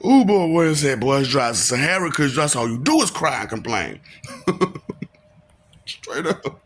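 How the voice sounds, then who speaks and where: A man's voice: medium pitch, very animated, moderate pace, a little hiss or hum. A man, talking in a casual rambling monologue and laughing often between lines. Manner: laughs often, breaks into sing-song bits and mocking voices.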